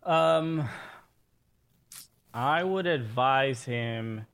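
A man co-hosting a live streamed football chat show, thinking out loud with frequent pauses and restarts. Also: medium pitch, gravelly, clean tone. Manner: hesitant, full of restarts. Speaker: co-host.

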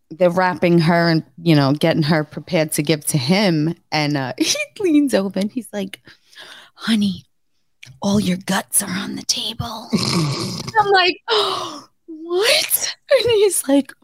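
Animated woman telling a story, dry mic. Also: slow pace, no room sound. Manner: animated storyteller, acts out quotes with sudden high pitch. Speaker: podcast co-host. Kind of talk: casual chat, telling a birth story.

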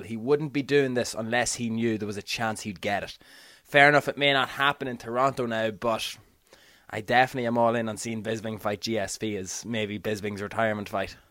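A man's voice: mid-range voice, a bit bright, dry recording, clean studio sound. A man co-hosting a sports podcast, making his case emphatically and often asking whether he is understood. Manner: emphatic, keeps asking "do you know what I mean". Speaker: podcast co-host. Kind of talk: casual sports podcast chat.

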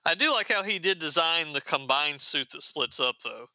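A man's voice: fairly high pitch, lively intonation, moderate pace, pushed and bright, dry recording, poor audio. A man casually recapping a comic book issue, reading the characters' lines aloud in playful raised voices.

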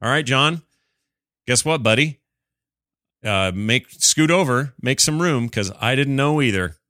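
A man's voice: medium pitch, expressive, a little slow, pushed and bright, dry recording, clean studio sound. A man hosting a gaming podcast alone, reading listener emails aloud and answering them in a chatty, rambling, self-deprecating way. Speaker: podcast host.

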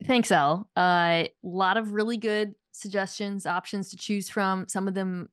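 A woman's voice: mid-range voice, steady tone, unhurried, clear, resonant tone, no echo. A woman guest on a talk podcast, telling stories in a wry, dry way in casual chat.

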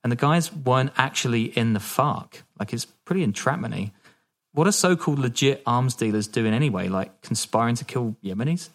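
A man's voice: mid-range voice, lively intonation, a little fast. A man hosting a podcast, telling a true-crime story in a casual, joking way and laughing often.

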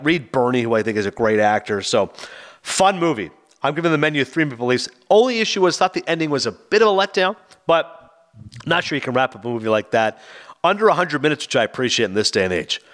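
A man's voice: medium pitch, a bit bright. A man co-hosting a casual podcast, reviewing a movie and acting out the characters' lines. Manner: fast, chatty, acts out quotes.

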